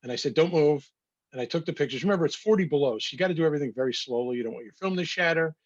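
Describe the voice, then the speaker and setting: A photographer with a slightly rough, husky voice, chatting casually through a slideshow of his pictures. He tells wry little anecdotes with a mid-range pitch. The sound is muffled and dry, close and dull. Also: expressive, rapid-fire, no echo. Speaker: photographer presenting his work.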